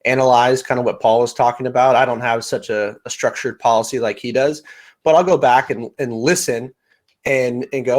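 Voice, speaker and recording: Man, mid-pitch, casual panel guest, stutter-starts his sentences. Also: brisk. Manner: informal, repeats words when starting sentences.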